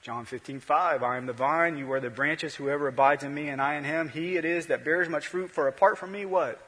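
Male pastor, sermon delivery, bright and husky, rising and dropping volume, long church reverb. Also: on the high side, fairly quick. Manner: swings from loud to hushed, repetitive preaching cadence.

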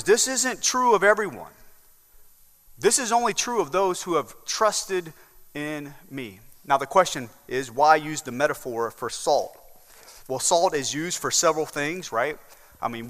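A Southern-accented male pastor delivers a sermon in a church sanctuary, building emphasis and frequently tossing in "right?" asides. His voice is fairly high and a bit bright, echoing with long church reverb.

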